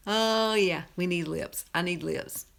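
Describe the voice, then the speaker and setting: This beauty tutorial host is a middle-aged Alabama woman in her 50s with a Southern accent. Her voice sits on the low side, creaky and fairly bright, and she takes it slowly. She keeps things casual and folksy, chatting away and saying things twice to drive them home.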